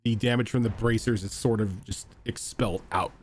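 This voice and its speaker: Halting male game master. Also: lowish voice, steady tone, a little hiss or hum. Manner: halting, with fillers. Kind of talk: narrating a tabletop game.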